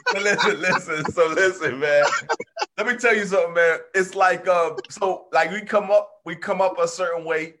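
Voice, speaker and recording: A man telling childhood stories in a casual chat, slangy and animated, acting out what people said. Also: high-pitched, normal speed, noisy background. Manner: animated, slangy, acts out quotes.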